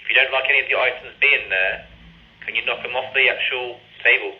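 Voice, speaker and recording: A man, a paranormal investigator, calling out measured, polite questions to spirits and repeating his requests. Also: mid-range voice, steady tone, lo-fi sound.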